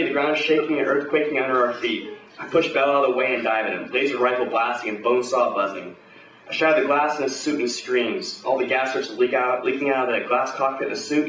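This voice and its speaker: A man's voice: mid-range voice, fairly bright tone, reverberant, recorded from a distance, a little hiss or hum, poor audio. A man performing a hard-boiled pulp story live at a bar, with swaggering, profane tough-guy narration. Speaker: performer at an open reading.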